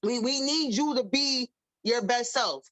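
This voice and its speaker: A woman, hosting an emphatic, animated motivational talk. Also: a little high, unhurried, no echo, low-quality recording. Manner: animated, emphatic, repeats herself. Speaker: podcast host.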